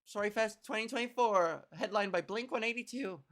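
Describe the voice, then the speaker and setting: A woman's voice: mid-range voice, a bit bright. A young woman from Canada hosting a podcast, telling a comic story in a casual, self-deprecating way with frequent laughter and a buzzy edge to her voice. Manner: self-deprecating, laughs often, acts out quick exchanges. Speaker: podcast host. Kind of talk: casual comedic monologue.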